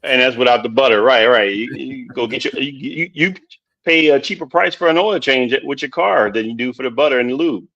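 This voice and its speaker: A man's voice: medium pitch, brisk, fairly bright tone. A man hosting a casual movie chat who rambles, repeats words and laughs often. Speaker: podcast host. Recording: dull lo-fi sound.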